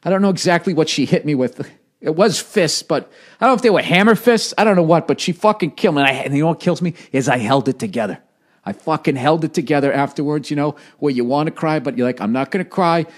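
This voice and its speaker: A man's voice: on the high side, animated, quick pace. A man in his forties, a comedian telling rambling, profane, self-mocking stories in casual conversation. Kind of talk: conversational storytelling.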